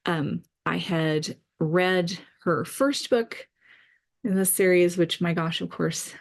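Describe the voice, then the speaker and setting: A woman's voice: on the low side, slow, vocal fry. A middle-aged woman author chatting enthusiastically through her reading pile in a casual vlog, with frequent fillers. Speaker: author vlogger. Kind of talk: casual book-list vlog.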